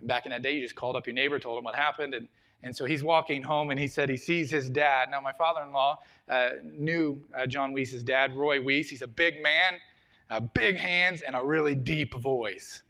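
A middle-aged man preaching a sermon, telling a story and swinging from loud emphasis to a hushed voice. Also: mid-range voice, fairly even intonation, moderate pace. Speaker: pastor.

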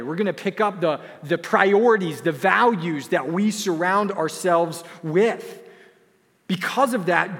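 A young man preaching a sermon as pastor, earnest and emphatic, repeating key phrases. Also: high-pitched. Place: church sanctuary. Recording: long hall reverb.

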